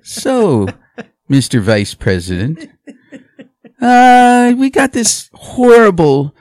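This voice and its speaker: A man's voice: high-pitched, big pitch swings, no room sound, studio quality, voice pushed up, full character voice. A man doing an overdone TV news anchor. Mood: mocking. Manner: slow, loud, exaggerated emphasis. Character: mocking male TV news anchor, leading and loaded.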